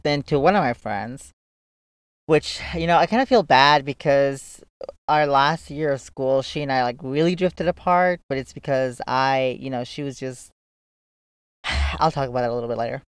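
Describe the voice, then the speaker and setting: A young man tells a personal story straight to camera, chatty and loose, with frequent "like" and casual swearing. His voice is smooth and clear. The sound is dry, as if recorded close to the mic. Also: medium pitch, normal speed, dry recording. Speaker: vlogger.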